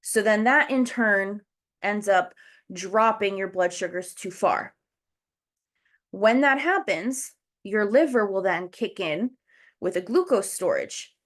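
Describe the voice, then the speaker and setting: A woman's voice: medium pitch, expressive, takes it slowly, a bit bright. Breathless woman host on a video call, chatty and explanatory, speaking straight to her viewers. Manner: chatty, explains step by step, addresses the chat. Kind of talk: casual educational livestream talk.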